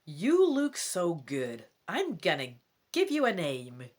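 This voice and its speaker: A woman voicing an earnest young boy fixing up a robot, in a put-on American accent and a slow, deliberate delivery. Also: on the low side, wildly swooping pitch, exaggerated voice. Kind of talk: reading a gamebook aloud.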